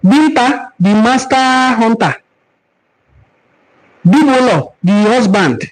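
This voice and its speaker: Teaching on a live stream, a Nigerian-accented man hosts a cultural forum and answers viewer comments, earnest and preaching, repeating words for emphasis. He speaks slowly in a very high-pitched voice with lively intonation, and the audio is poor.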